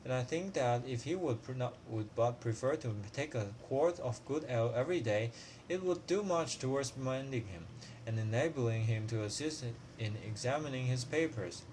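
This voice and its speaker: A man's voice: medium pitch, moderate pace, darkish tone, slight background noise, lightly acted. A man reading aloud as a polite, deferential older male law clerk, in a bland manner.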